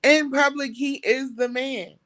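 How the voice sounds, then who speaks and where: A woman's voice: high-pitched, steady tone, unhurried, fairly bright tone. A woman on a call-in panel, talking casually and emphatically, often laughing. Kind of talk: casual group chat.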